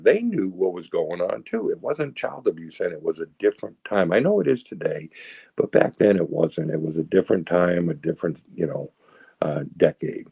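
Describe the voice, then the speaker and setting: A man's voice: low voice, creaky, mellow, husky, dry recording. A man, telling his recovery story in a rambling way and tagging lines with "right?" and "you know". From south of Boston, Massachusetts. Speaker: recovery speaker.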